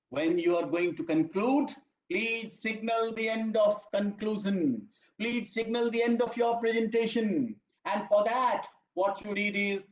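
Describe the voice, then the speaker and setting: An emphatic lecturer keeps repeating key points and calling listeners "my dear friends." The voice sits at a middle pitch. It comes through a dull, lo-fi recording with a roomy echo. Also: darkish tone. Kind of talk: online training lecture. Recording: echoey room, dull lo-fi audio.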